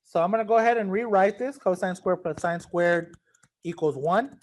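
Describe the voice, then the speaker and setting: A man's voice: high voice, normal speed. A man teaching a math lesson, casual and joking, talking straight to his students. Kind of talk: recorded class lecture.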